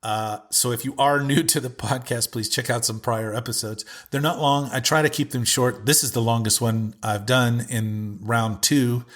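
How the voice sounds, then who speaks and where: A man's voice: mid-range voice, fairly even intonation, normal speed, few pauses, fairly bright tone. A middle-aged man hosting his own podcast, talking in a casual, rambling monologue full of restarts and asides. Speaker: podcast host.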